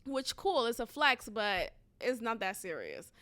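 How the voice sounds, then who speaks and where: A woman telling a story to camera in a casual rant, blunt and animated, swearing freely and laughing between lines. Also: fairly high pitch, a little slow.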